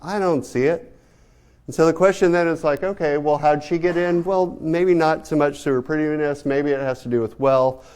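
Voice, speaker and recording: A man's voice: on the high side, steady tone, moderate pace, darkish tone, clean tone. A man giving a casual art history lecture, talking to students and asking them many rhetorical questions. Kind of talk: classroom lecture.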